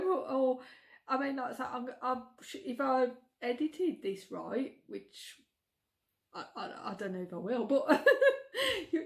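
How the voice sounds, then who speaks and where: A middle-aged woman with a Birmingham accent, vlogging in a chatty way, giggling and stumbling over words. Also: sits high. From England. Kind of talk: casual chat.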